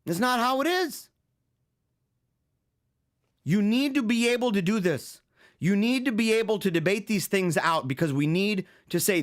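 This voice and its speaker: Man, show host, casual monologue, joking and animated, fairly high voice, very lively pitch. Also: moderate pace, long pauses. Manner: joking, animated storytelling with frequent chuckles.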